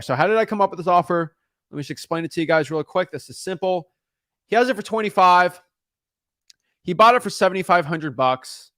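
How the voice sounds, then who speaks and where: Making cold calls as a real estate wholesaler, he explains them casually to his audience and talks with sellers, rambling along and frequently repeating words at the start of sentences. He has a fairly bright, higher-leaning voice, captured cleanly in a studio with no echo.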